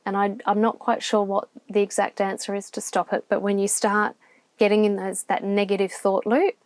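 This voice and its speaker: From inside her van at a campground, an Australian van life vlogger talks candidly to camera on her own, reflective and rambling with many restarts, near tears at times. Her mid-range voice barely moves in pitch, runs at normal speed, sounds a little mellow, and the recording is dry.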